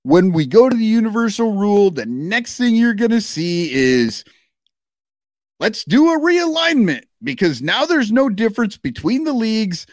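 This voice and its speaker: A man co-hosting a casual podcast, talking in a loose, profane, animated way. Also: sits high, moderate pace, dry recording, clean studio sound. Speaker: podcast co-host.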